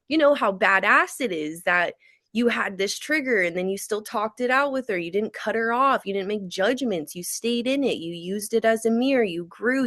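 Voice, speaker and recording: A woman's voice: a little high, fairly bright tone, no room sound, clean studio sound. Frank, emphatic woman podcast co-host. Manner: frank, emphatic, laughs readily. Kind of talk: casual chat.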